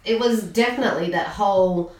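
A chatty woman in middle age tells stories with rising bursts of excitement. She sits back from the microphone, and the room around her rings with echo. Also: medium pitch, a little fast, recorded from a distance. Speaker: podcast co-host and weightlifter. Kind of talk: casual podcast chat.

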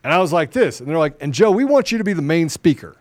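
A middle-aged man co-hosting a talk show, telling a story in quoted dialogue and turning low and soft when serious. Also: big pitch swings, fast, no room sound. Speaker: show co-host. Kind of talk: conversational storytelling.

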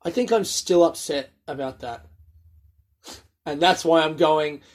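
In an unhurried voice that sits a little high, a man tells meandering stories full of swearing. He's on his own, chuckling at his own jokes as he goes.

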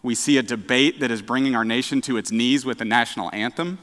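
Bright-voiced man preaching in an echoey church. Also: medium pitch. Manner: chatty, self-deprecating, with halting restarts. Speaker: director of outreach, preaching. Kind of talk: sermon with dad jokes. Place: church sanctuary.

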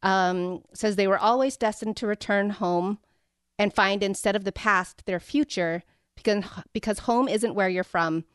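A woman's voice: mid-range voice, measured pace, smooth, no room sound, clean studio sound. A woman co-hosting a casual book podcast, retelling scenes with a few fillers as she hunts for a passage. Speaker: podcast co-host.

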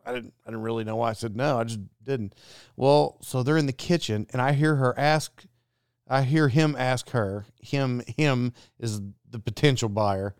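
A man's voice: medium pitch, moderate pace, smooth, dry recording, clean studio sound. A man hosting a podcast, telling a casual story and acting out the voices of people in it. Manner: animated, acts out quoted dialogue. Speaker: podcast host.

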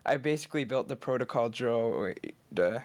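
A man's voice: medium pitch, expressive, normal speed, darkish tone, no room sound. A man chatting casually as a player in a tabletop game.

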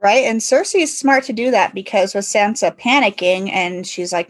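A woman's voice: medium pitch, normal speed, hardly any pauses, dry recording. Conversational woman podcast co-host. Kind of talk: casual book discussion.

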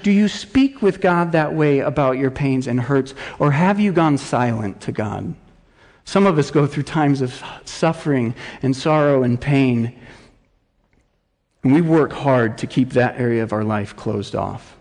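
A man's voice: mid-range voice, measured pace, a little mellow. A man, a middle-aged pastor, preaching a sermon with earnest intensity, voicing prayers as rising cries. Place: church sanctuary. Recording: long church reverb.

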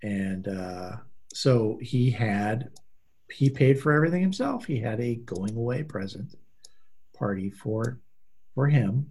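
A man's voice: medium pitch, expressive, slow, a little mellow, slightly rough. A man co-hosting a casual podcast, telling rambling anecdotes and slipping into voices for the people in them. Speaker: podcast co-host. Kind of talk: casual chat, storytelling.

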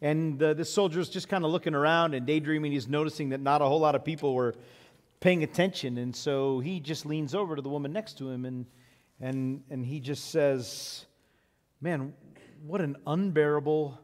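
Pastor preaching in a reverberant hall. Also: male voice, mid-range voice, moderate pace. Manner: conversational storytelling with frequent fillers. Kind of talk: sermon. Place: large church sanctuary. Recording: long reverb of a church hall.

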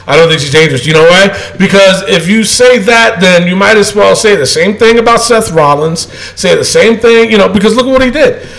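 Gravelly high-voiced guy ranting, swearing a lot, heated podcast chat. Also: normal speed, fairly bright tone, rough recording. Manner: profane, emphatic, ranting. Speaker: co-host.

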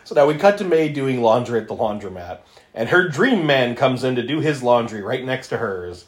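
A podcast co-host who retells movie scenes with lots of giggling and a very lively, swooping delivery. The pitch moves around a great deal from line to line. The recording picks up a roomy echo. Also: moderate pace. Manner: giggly, animated storytelling with frequent laughs. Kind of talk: casual movie-review chat.

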